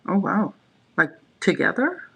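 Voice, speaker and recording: Chatty livestream host with vocal fry. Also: medium pitch, sing-song, unhurried, sharp tone, slight background noise, rough recording. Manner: chatty, rambling, reads chat messages aloud; frequent fillers and restarts. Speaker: livestream host reading chat. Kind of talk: casual chat livestream.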